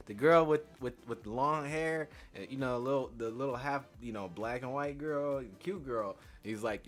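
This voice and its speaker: A young man telling a comic story in a casual, slangy, profane way, acting out each exchange and swinging from loud bursts to hushed asides. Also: medium pitch, moderate pace, hardly any pauses. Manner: animated, acts out voices, swings from loud to hushed, laughs through lines.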